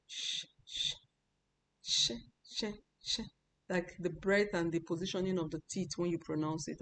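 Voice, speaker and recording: A woman teaching an online pronunciation lesson, repeating each sound several times, breathy on hushing sounds, talking in a halting way with many restarts. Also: low-pitched, slight background noise. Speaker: online Chinese language teacher.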